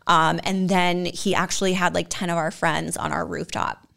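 A young woman with a fry-tinged, slightly low voice tells a story in easy, chatty talk. She fills her lines with "like" and slips into hushed whispers whenever she quotes someone. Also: little pitch movement, moderate pace. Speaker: guest. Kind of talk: casual storytelling.

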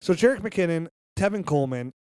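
A hoarse man co-hosting a sports podcast, rattling off player stats and rankings in casual chat, his voice giving out. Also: high voice, expressive, a little fast, a little mellow, dry recording, studio quality. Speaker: podcast co-host.

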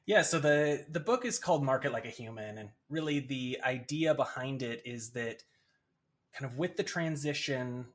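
Male author as interview guest; easygoing, conversational, mid-pitched. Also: moderate pace. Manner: relaxed, lots of "like" and "right?". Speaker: guest, author and agency founder. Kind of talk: casual interview chat.

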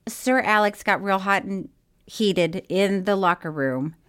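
A woman's voice: mid-range voice, measured pace, fairly bright tone, smooth. A woman co-hosting a podcast, giggly and gushing as she chats. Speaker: podcast co-host. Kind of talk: casual chat.

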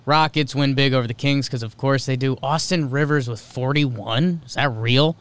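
A man with a smooth, resonant voice hosts a laid-back sports podcast. He reads scores in short, clipped bursts and tosses in casual, offhand remarks. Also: medium pitch, moderate pace, fairly bright tone. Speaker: podcast host.

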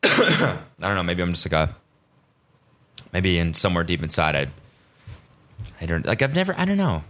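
A man hosting a solo podcast, rambling casually and swearing often, veering between excitement and deadpan asides. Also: low-pitched, moderate pace. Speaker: podcast host.

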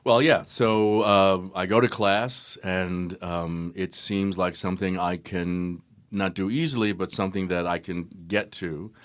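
An older man, a guest actor in a conversational interview, tells stories at an unhurried, reflective pace. His voice is deep and steady, and he uses frequent ums and uhs.

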